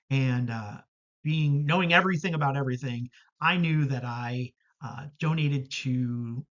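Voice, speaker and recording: A man's voice: a little high, highs cut off. A man telling a candid personal story about his camp work, reflective, with many fillers and self-corrections, over a video call.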